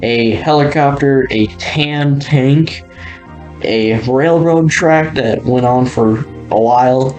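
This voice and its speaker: A man talks slowly and casually through a walkthrough. He rambles, chuckles often and lets sentences trail off. Faint music plays underneath. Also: medium pitch, a little mellow. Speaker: video creator touring an old game world.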